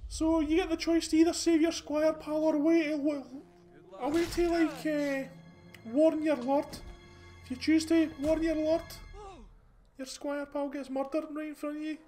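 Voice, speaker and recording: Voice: sits high, flat delivery, measured pace, mellow, faint music behind. A host with a Scottish accent giving casual, rambling commentary over gameplay, chatty and full of restarts. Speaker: gaming channel host.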